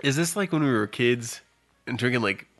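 A man co-hosting a podcast, talking loudly and profanely while complaining about a strong drink. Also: medium pitch, lively intonation, normal speed. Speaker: podcast co-host. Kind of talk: casual banter.

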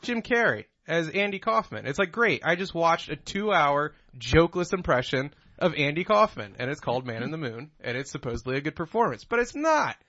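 A man's voice: a little high, very animated, brisk, hardly any pauses, bright, forceful tone, no room sound, lo-fi sound. A man co-hosting a podcast, talking bluntly and profanely in a crude casual chat. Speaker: podcast co-host.

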